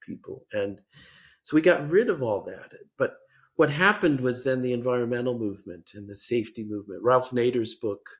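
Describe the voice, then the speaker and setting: An older man speaking as a policy expert guest in a podcast interview, measured and hesitant with frequent restarts. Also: mid-range voice, lively intonation.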